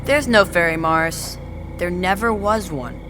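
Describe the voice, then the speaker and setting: A performer voicing a timid, easily scared young girl in an audio drama, speaking softly. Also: lowish voice, expressive, measured pace, noisy background.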